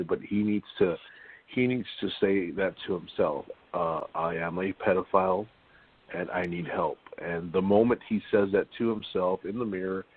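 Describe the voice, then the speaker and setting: Deep-voiced man, husky, halting and formal, tinny phone line. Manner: halting, formal, full of filler pauses. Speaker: caller posing as a recovery sponsor. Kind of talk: call-in talk.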